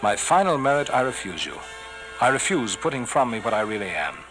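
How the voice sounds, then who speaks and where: A man giving a theatrical poetry recitation, swelling on some phrases and dropping to a hushed whisper on refrains. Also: medium pitch, expressive, fast talker, music in the background, poor audio. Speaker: poetry reader.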